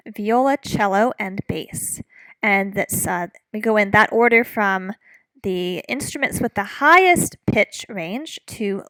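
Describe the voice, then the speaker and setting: A woman's voice: fairly high pitch, fairly bright tone, no room sound, rough recording. A woman teaching a recorded music lecture, explaining patiently with frequent fillers. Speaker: music instructor.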